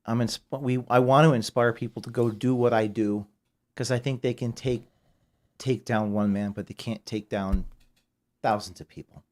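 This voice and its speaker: Man, podcast guest, emotional, halting, middle pitch. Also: steady tone. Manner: emotional, halting, trails off quietly. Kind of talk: interview conversation.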